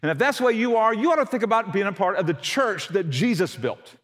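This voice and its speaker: Folksy preacher, emphatic. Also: male voice, sits high, very animated, fast, fairly bright tone. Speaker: pastor. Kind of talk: sermon.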